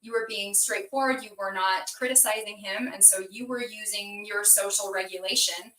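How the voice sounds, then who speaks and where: A woman hosting a podcast, warmly encouraging and explaining ideas at length in a casual conversation. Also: mid-range voice, fairly even intonation, normal speed. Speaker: podcast host. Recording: echoey room, distant from mic.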